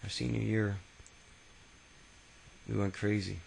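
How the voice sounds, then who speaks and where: Gravelly low-voiced man, rambling memoir. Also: flat delivery, slow, a little mellow, slight background noise, rough recording. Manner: rambling and profane, many fillers and restarts. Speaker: autobiography narrator. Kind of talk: casual spoken memoir.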